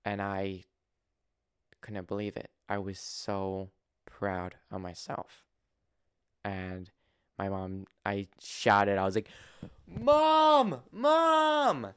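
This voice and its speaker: Young man, casual personal storytelling, halting with restarts, very clear voice, dry close sound. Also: low voice, monotone, dry recording. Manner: earnest and open. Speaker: vlogger.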